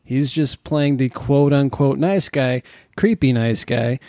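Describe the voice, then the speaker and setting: A man with a gravelly, creaky voice co-hosts a casual review chat at a slow pace. He sounds skeptical and hesitant and often restarts his sentences. The recording is dry and close. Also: mid-range voice, mellow, dry recording. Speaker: podcast co-host reviewing a TV series.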